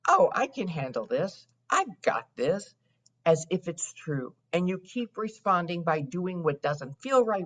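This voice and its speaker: A middle-aged woman, a wealth coach, explaining her method in a steady teaching tone as a podcast guest. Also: lowish voice. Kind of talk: podcast interview.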